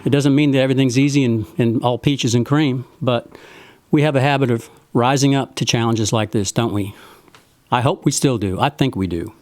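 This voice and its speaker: Hosting a live-streamed concert from home, a man introduces his songs by telling the stories behind them, earnest and folksy with some tongue-in-cheek humor. His voice is medium-pitched and darkish, at a moderate pace, with no room sound.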